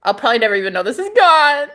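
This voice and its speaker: A woman speaks very fast to camera in a slightly high, pushed, bright voice with big pitch swings. Her casual spiritual vlog monologue is sassy and profane, and she calls viewers honey and repeats phrases for emphasis.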